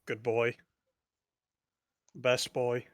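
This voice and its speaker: A tabletop player who reacts to the game with lively, expressive calls. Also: medium pitch, very slow, no echo, clean studio sound. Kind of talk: casual chat over voice chat.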